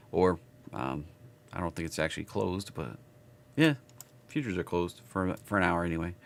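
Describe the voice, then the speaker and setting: A man with a Southern US accent giving casual live market chart commentary, rambling and thinking aloud as he works. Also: medium pitch. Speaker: market analysis streamer.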